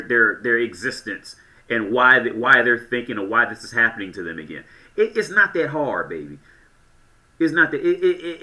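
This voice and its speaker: A man's voice: medium pitch, sharp tone. A man giving casual reaction commentary in a blunt, crude way, often stammering and restarting his sentences.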